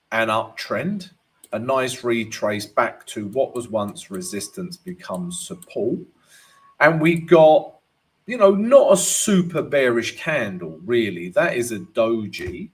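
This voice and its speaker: A man hosting a live trading stream, walking through charts and greeting viewers by name. He keeps tagging his sentences with "right?" and "you know". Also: medium pitch. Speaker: forex trading analyst and host.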